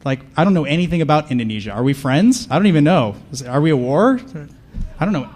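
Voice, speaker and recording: A man's voice: a little high, animated, quick pace, darkish tone. A man speaking on a conference panel, delivering a comedic live talk with sarcastic, mock-paranoid riffs and questions thrown at the audience. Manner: sarcastic, riffing, asks the crowd questions.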